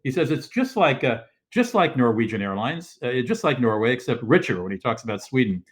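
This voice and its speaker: A man's voice: mid-range voice, big pitch swings, a little fast. An older man hosting a casual show from his living room over a video call, rambling with many fillers and restarts. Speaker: host. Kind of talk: casual live-stream talk. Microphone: video call setup.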